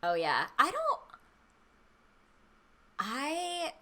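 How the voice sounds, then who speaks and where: A woman's voice: sits high, wildly swooping pitch, very slow, pushed and bright. A woman in her thirties co-hosting a casual chat stream, telling loose, swear-laced stories full of "like". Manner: loose storytelling, swears freely, lots of "like". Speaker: streamer co-host.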